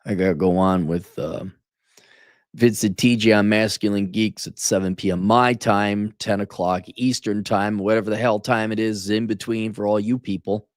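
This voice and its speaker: A man's voice: lowish voice, steady tone, normal speed, no echo, studio quality. A tired man hosting a solo podcast, ranting with sarcasm and profanity. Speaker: podcast host. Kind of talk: casual solo podcast rant.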